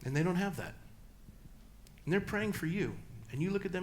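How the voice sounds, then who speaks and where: A man's voice: lively intonation, a little hiss or hum. Emphatic man preaching in a church. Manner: emphatic, rising to loud peaks, then dropping low and slow. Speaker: guest pastor speaker. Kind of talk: church talk and Q&A answer. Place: church hall.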